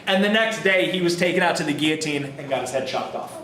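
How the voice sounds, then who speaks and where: High-voiced man lecturing in an echoey classroom. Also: fast talker, pushed and bright, distant mic, a little hiss or hum. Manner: casual, storytelling, swears and laughs with students. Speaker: college history lecturer. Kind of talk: lively classroom lecture with acted-out quotes. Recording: echoey classroom recorded from afar.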